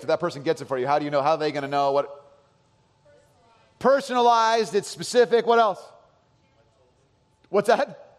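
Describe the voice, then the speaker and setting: A man in his thirties preaching a sermon, telling stories in an animated way and swinging from loud to quiet. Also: a little high. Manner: animated storytelling, voices his son and swings from loud to soft. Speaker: pastor. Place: large church hall. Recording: long hall reverb.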